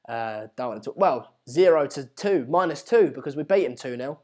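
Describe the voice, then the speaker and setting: On his live football watchalong, a man from Sweden speaks at normal speed with few pauses, his slightly high voice taking on a sing-song quality. He casually remarks on the game and reads viewer comments out loud.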